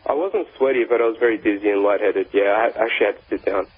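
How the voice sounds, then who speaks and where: A man's voice: fairly low pitch, fast talker, slight background noise. A man with an Australian accent calling a radio show, asking his question in a polite, hesitant way. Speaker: caller. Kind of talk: phone-in question. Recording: dull lo-fi radio call.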